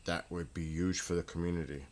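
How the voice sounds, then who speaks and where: A man hosting his own livestream from a room at home, telling casual, rambling stories in an excitable way, with restarts and laughs. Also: low-pitched, a little fast, a little hiss or hum. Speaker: livestream host.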